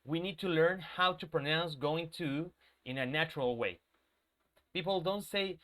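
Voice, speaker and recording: A man's voice: on the high side, animated, moderate pace, fairly bright tone. A male English teacher with a sore throat, leading a live online class and patiently checking in with students. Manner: patient, checks in with students, repeats key points.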